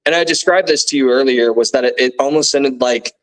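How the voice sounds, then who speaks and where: A young man as an interview guest, recounting what he saw in a halting, casual way with many fillers and restarts. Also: mid-range voice, poor audio. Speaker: guest eyewitness.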